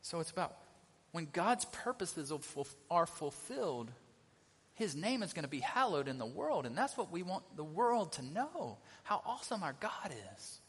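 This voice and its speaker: A man's voice: on the high side, very animated, normal speed, slightly rough. A middle-aged male pastor giving a conversational sermon, often asking the congregation questions. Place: church sanctuary. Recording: long reverb of a church hall.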